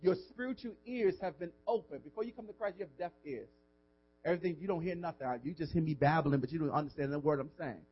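A pastor with a slightly high, breathy voice talks fast during his sermon, ranging from loud emphasis to a hushed whisper. He's informal, repeats words, and asks the congregation questions, all captured in lo-fi sound.

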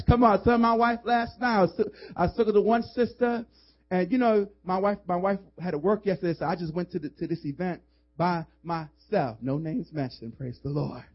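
A male pastor preaching a sermon in a church, urging the congregation with emphatic calls and slipping into casual, joking asides. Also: sits high. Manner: emphatic, call-and-response urging. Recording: dull lo-fi sermon audio.

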